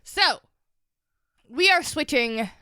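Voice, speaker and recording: A woman's voice: high voice, expressive, takes it slowly, pushed and bright, smooth, no room sound, studio quality. A woman co-hosting a book podcast, recapping a chapter in a rambling, casual way, laughing often and swearing. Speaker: podcast co-host.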